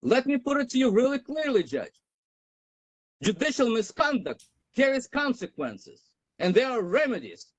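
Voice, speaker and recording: A man's voice: very high voice, big pitch swings, normal speed, dry recording, poor audio. A man defending himself in a traffic case over a video call, combative, insistent and interrupting. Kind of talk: arguing his case.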